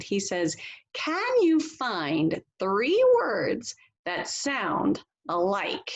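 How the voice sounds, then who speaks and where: A woman teacher giving a read-aloud phonics lesson, reading slowly and deliberately and laughing softly now and then. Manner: slow, deliberate reading with lively pitch and soft laughs.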